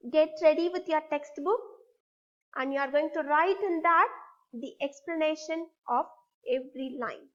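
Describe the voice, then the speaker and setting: A woman teaching a recorded lesson, slowly guiding her class with repeated prompts and questions. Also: high voice, a bit bright, muffled recording. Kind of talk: recorded online English lesson.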